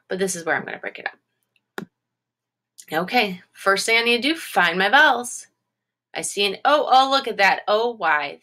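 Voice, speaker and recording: A woman teacher giving a recorded phonics lesson to young students, encouraging and sounding out syllables slowly. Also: medium pitch, pushed and bright.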